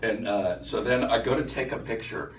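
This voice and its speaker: A man presenting at a workshop, telling a story to a live audience in an animated way and laughing as he goes. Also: fairly low pitch, normal speed, a little hiss or hum. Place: event room at a center. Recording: echoey room, mic some distance off.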